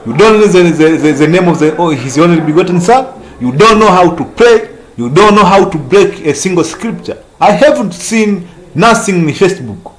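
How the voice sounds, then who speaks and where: A man's voice: high-pitched, lively intonation, moderate pace, rough recording. A man with an East African accent street preaching, laughing often, crude and repetitive as he scolds his listeners.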